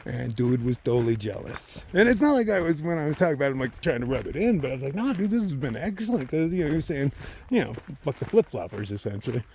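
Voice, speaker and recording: A man telling a story outdoors on a hiking trail, ranting and swearing in a loose, animated way that swings from loud outbursts to muttered asides. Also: mid-range voice, quick pace, slight background noise. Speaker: long-distance thru-hiker vlogger. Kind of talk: casual storytelling.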